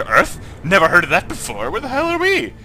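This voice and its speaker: A Scottish man, drunk, giving rambling, excitable let's play commentary as a gaming channel host and swearing a lot. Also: high-pitched, normal speed, a little hiss or hum.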